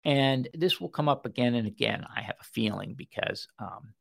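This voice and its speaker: A man's voice: medium pitch, moderate pace, creaky. A man giving casual legal commentary on a program, reading quoted passages aloud with frequent fillers and restarts, and a wry tone. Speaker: legal commentator on a radio show.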